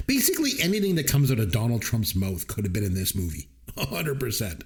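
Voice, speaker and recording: A man's voice: fairly low pitch, quick pace, hardly any pauses. A middle-aged man co-hosting a podcast, chatting casually about a movie and acting out quotes in different voices. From Canada. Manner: animated storytelling, quotes people in voices. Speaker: podcast co-host. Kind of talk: casual movie-review chat.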